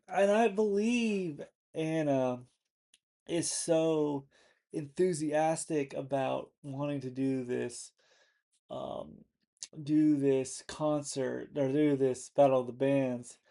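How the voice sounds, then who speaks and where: Guy rambling thru a movie recap, slow and halting, lots of um and you know. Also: medium pitch, creaky, darkish tone. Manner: rambling, many restarts and fillers. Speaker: movie review host.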